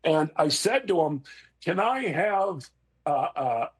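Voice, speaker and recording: Middle-aged man, animated emotional guest, pitch swings high and low. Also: takes it slowly, slightly rough. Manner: emotional, expressive, tearful at times. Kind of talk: casual chat.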